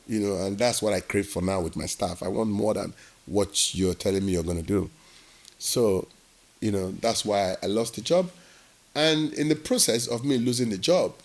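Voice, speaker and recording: A Nigerian man with a fairly low voice speaks at a moderate pace as an interview guest. He tells the story of his work with animation, acting out the quoted dialogue.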